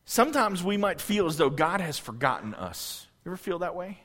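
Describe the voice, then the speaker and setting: High-voiced man preaching in a reverberant hall. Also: sing-song, brisk, hardly any pauses, a bit bright. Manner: conversational, asks the congregation questions, many restarts. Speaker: pastor. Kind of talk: sermon. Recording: long reverb of a large hall.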